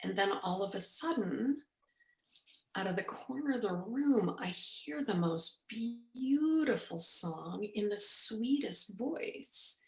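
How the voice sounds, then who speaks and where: A woman in her forties, the guest, telling a personal story with lively storytelling and acted-out quotes. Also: mid-range voice, slow pace, roomy sound, rough recording. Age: 40s. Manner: animated storyteller, acts out quoted speech. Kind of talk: storytelling in an interview.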